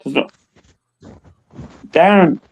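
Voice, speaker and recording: A man's voice: takes it slowly, rough recording. A man, chatting in a rambling, repetitive way and swearing freely on a live stream call. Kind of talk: rambling casual chat.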